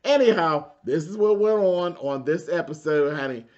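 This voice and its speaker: A man's voice: fairly high pitch, moderate pace, muffled recording. Sassy man recapping reality TV. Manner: sassy, animated, talks straight to viewers. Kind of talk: casual TV recap commentary.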